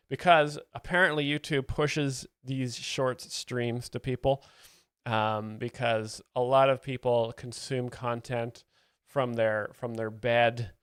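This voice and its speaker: Dry, chatty livestream host. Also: male voice, mid-range voice, unhurried, smooth, no echo. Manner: chatty, laughing, explaining. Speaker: host reacting to a comedy clip. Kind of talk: livestream commentary.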